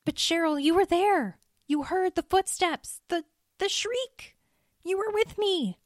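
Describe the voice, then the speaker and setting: A woman's voice: high voice, animated, moderate pace, dark tone, no echo, clean studio sound, voice pushed up. A woman voicing a worried young male forest ranger who pleads insistently to be believed.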